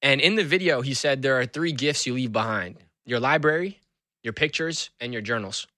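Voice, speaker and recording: Bright-voiced male author guest. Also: medium pitch, moderate pace, no room sound, studio quality. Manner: animated storyteller. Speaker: author and school speaker. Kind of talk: conversational interview.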